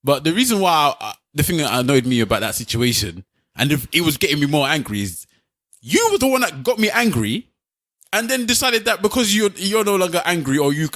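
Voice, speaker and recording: A man's voice: on the high side, a bit bright. A man defending himself in a podcast argument, stumbling over restarts. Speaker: podcast co-host. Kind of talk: heated personal argument.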